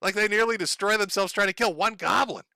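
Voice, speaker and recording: A high-pitched, gravelly voice, bright and forceful, comes from a middle-aged man streaming at a brisk clip. He chats casually, reads donations, curses freely, and laughs at his own wry jokes. The recording is dry and studio quality.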